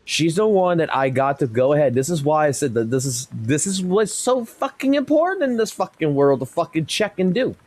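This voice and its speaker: A man's voice: a little high, expressive, moderate pace, few pauses, darkish tone. Blunt, heavily swearing male streamer. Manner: heavy swearing, blunt and heated. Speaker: live streamer. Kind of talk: casual storytelling on stream.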